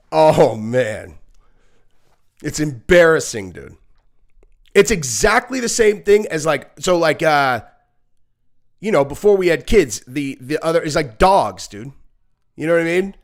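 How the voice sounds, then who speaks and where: A man's voice: lively intonation, moderate pace, long pauses. Blunt, profane male streamer. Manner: blunt, profane, rambling with many fillers; acts out shrieking kids and barking dogs in high squeals. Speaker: podcast host. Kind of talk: casual live reaction stream.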